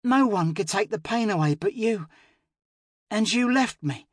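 Man doing a little sick girl, high breaking voice, pleading, tearful, husky, dry audiobook read. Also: animated, measured pace, no echo. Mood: hurt. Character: small sick young girl, pleading and sleepy. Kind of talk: audiobook narration.

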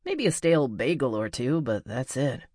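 A woman's voice: a bass voice, very animated, normal speed, dark tone, slightly rough, dry recording, clean studio sound, exaggerated voice. A woman voicing a cheerful young male coyote spirit in human form, who talks in an easygoing, amiable way.

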